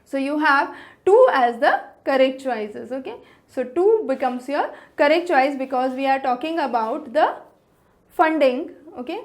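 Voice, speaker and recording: A woman's voice: high voice, expressive, unhurried. A woman tutor explaining exam answers in a methodical way, with an Indian English accent, going through each question step by step.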